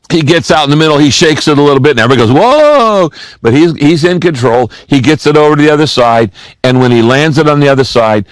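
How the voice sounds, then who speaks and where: A man's voice: mid-range voice, dry recording. Earnest male pastor preaching a sermon. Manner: earnest storytelling with emphatic repetition.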